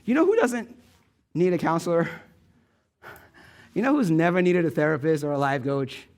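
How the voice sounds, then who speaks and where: A male pastor with an American Midwest accent, preaching a sermon in a joking, animated storytelling way and asking the room for replies. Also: a little high, moderate pace. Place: church stage.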